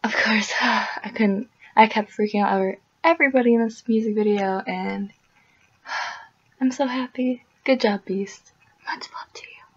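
A woman hosting a casual music video reaction vlog, gushing and excitable as she talks as a fan. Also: medium pitch, measured pace, husky, dull audio.

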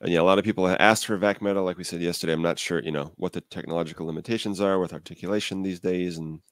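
A man chatting casually as a panel guest over a video call, quick and enthusiastic. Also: deep voice, steady tone, dry recording.

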